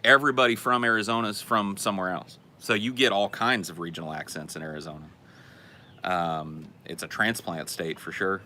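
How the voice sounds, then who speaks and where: A man's voice: sits low, steady tone, a little fast, pushed and bright, a little hiss or hum. A young man from California's Central Valley with a general American Southern accent, chatting casually as a podcast host and often stammering and restarting his sentences. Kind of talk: casual Q&A chat.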